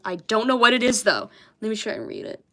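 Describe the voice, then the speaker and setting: A woman's voice: on the high side, sing-song, fairly quick, pushed and bright. A young woman in casual chat, bemused, swearing often and laughing at herself as she goes through old childhood drawings. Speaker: artist reviewing her childhood comics.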